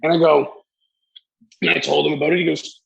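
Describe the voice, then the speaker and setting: A man's voice: on the high side, flat delivery, fairly quick, vocal fry, slightly rough, highs cut off. A man in his forties, a guest telling stories in an interview and acting out the people in them with casual swearing. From Canada. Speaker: wrestling executive and guest. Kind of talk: animated storytelling in an interview.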